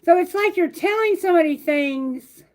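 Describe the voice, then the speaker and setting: High-voiced blunt tarot reader woman. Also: normal speed. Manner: blunt, swears freely, animated. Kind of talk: live-stream tarot reading.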